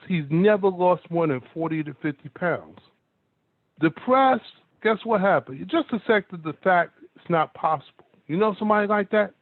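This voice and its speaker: A motivational speaker with a high-sitting voice gives an emphatic talk to an online audience, telling stories and repeatedly asking "guess what." The recording is dry and narrow, like a phone, with no room sound.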